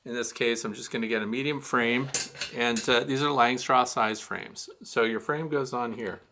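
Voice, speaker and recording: A man's voice: medium pitch, steady tone, normal speed, background noise. A man hosting a beekeeping Q&A, giving a blunt, teasing hands-on demonstration of gear. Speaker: beekeeping show host.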